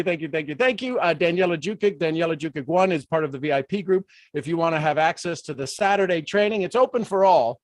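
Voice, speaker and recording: A man's voice: fairly high pitch, no echo. Exuberant, emotive man streaming live. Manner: emotive and exuberant, swinging from hushed intensity to excited outbursts. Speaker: motivational speaker hosting a livestream. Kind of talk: live motivational talk to an online audience.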